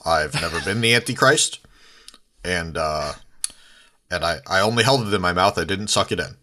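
A man doing a brief impression of a calm middle-aged male former president, speaking in a measured, halting way with pauses. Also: low voice, pitched below the performer's own voice. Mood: deadpan.

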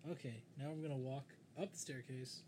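Steady man asking about the game. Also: medium pitch, fairly quick, slight background noise. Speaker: player. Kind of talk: casual tabletop game play.

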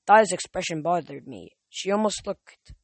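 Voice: mid-range voice, very animated, moderate pace, no room sound. An audiobook reader narrating a first-person novel in a plain reading with small slips.

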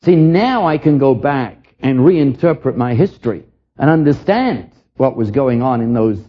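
An older man from England preaches in an earnest, reflective way and often stumbles over the first word of a line. His voice is husky and breathy, at an ordinary pitch. The recording is dull and lo-fi. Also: expressive, unhurried. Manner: earnest, reflective, repeats words as he starts lines. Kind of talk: sermon.

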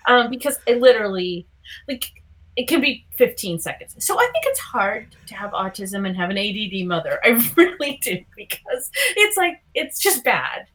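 A woman's voice: medium pitch, sing-song, moderate pace, a bit bright. A middle-aged woman co-hosting a podcast, chatting casually in a rambling, self-mocking way with plenty of fillers. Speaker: podcast co-host. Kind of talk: casual chat.

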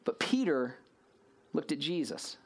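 A man preaching a sermon to a room, telling a story with lively swings in voice and acting out the people in it. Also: fairly high pitch, unhurried.

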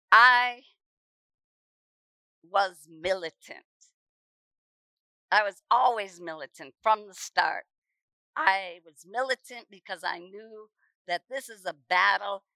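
A middle-aged woman preacher telling her testimony with emphasis, often repeating words and rising to shouts at the dramatic moments. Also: mid-range voice, takes it slowly, gravelly, long pauses, clear, resonant tone, no room sound, rough recording. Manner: repeats words when stirred. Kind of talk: testimony sermon.

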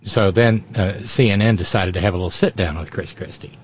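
A man's voice: sits low, a little fast, slight background noise. A man hosting a sarcastic political commentary show, with mocking asides. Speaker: host. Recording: dry, dull lo-fi sound.

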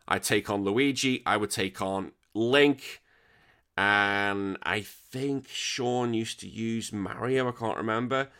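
An excitable young man from the UK hosts a retro gaming podcast, reading listener messages and riffing on them. His voice sits a little low yet sounds bright and forceful, and he laughs and swears freely as he talks. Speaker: podcast host. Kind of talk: casual chat reading listener comments.

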